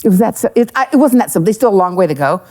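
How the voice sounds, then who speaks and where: Animated, mellow-voiced woman telling stories. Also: medium pitch, racing. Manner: animated storyteller, jokes and asides. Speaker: economic development executive, podcast guest. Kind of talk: live podcast interview with audience.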